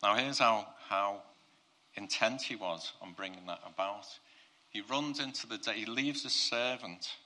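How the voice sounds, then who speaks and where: A man preaching a sermon, telling a Bible story in a conversational way and swinging from quiet, low passages to loud, excited ones. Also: measured pace.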